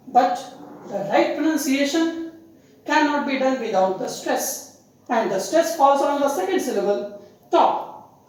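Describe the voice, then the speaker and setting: Slow, high-voiced teacher. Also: female voice, a little mellow, far from the mic. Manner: slow, deliberate, spells words letter by letter. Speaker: English teacher. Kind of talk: pronunciation lesson. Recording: very echoey room, voice off-mic.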